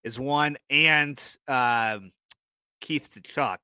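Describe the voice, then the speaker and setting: A man's voice: medium pitch, very slow, sharp tone, clean tone, no echo. A man co-hosting a podcast, telling rambling stories in casual chat and often apologizing for his own jokes. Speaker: podcast co-host.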